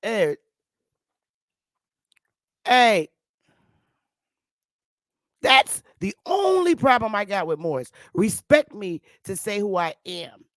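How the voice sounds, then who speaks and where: A woman hosting her own livestream, ranting in casual talk, profane and combative, with loud outbursts. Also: medium pitch, lively intonation, slow, long pauses, dry recording, clean studio sound. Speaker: livestream host. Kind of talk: heated casual livestream rant.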